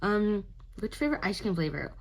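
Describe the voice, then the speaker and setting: Here a young adult woman's mid-range voice swings widely in pitch, brisk and creaky, as she talks about her sketchbook. It's a loose, giggly ramble where she teases herself, though she also seems drowsy and keeps yawning.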